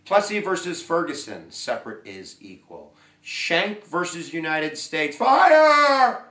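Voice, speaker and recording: Male history teacher, animated and playful, slightly high voice. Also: measured pace, echoey room, distant mic. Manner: animated, jokey, shouts and acts out quotes. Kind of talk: energetic classroom-style lecture.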